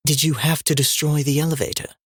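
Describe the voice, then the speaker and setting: A man's voice: on the high side, fairly even intonation, fairly quick, fairly bright tone, slightly rough, no echo, studio quality. A man reading the lines of an earnest male spiritual guide under strain in an audiobook, trying to sound reasonable.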